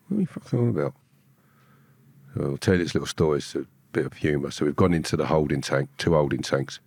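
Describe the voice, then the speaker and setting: A man's voice: extremely low pitch, darkish tone, slightly rough, dry recording, studio quality. A man in his fifties, telling his story bluntly in streetwise slang. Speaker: guest who committed a kidnapping. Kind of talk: candid storytelling.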